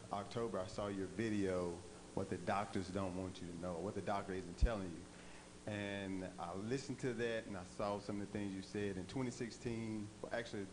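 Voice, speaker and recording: A man's voice: fairly low pitch, noisy background. A man giving a plain personal testimony to a visiting speaker in church.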